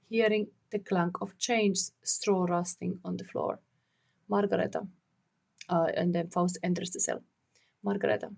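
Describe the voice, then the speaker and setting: A woman's voice: on the low side, gravelly, a little mellow. A woman reading a play aloud, stating the stage directions plainly. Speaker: tarot reader. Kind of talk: dramatic story reading.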